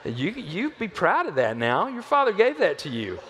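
A man preaching a sermon as pastor, swinging between loud emphasis and hushed lines, with playful asides to a volunteer on stage. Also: sits high, huge pitch swings, moderate pace, slight background noise. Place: church auditorium. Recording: long hall reverb.

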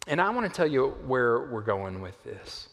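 A male pastor delivers a sermon in a church auditorium, his voice ringing with a long hall reverb. He swings from loud, lifted emphasis down to hushed, low lines, with playful asides along the way. His pitch sits in an ordinary middle range for a man. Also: sing-song, moderate pace. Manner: playful asides with a volunteer on stage.

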